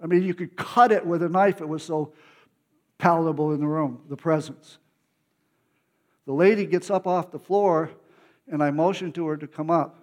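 A man preaching, telling a story of his own testimony in an emotional, animated way with many restarts. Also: a little high, moderate pace, long pauses.

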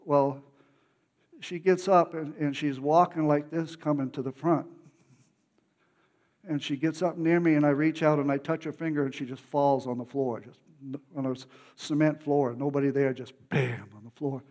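A man preaching, telling a story of his own testimony in an emotional, animated way with many restarts. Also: on the high side, moderate pace.

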